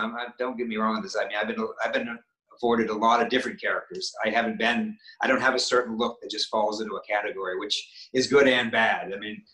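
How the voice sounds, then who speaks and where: Guest actor, male, middle-aged, Maine accent, lower pitched, roomy echo. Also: bright, forceful tone. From Maine, USA. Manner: halting, many restarts and fillers. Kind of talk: casual interview chat.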